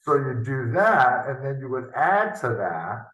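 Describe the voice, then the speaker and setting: A man's voice: medium pitch, big pitch swings, a little slow, fairly bright tone, highs cut off. A man tutoring math in a loose, unscripted lesson, thinking aloud and often ending with tag questions, heard over a video call. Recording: roomy, from off the mic.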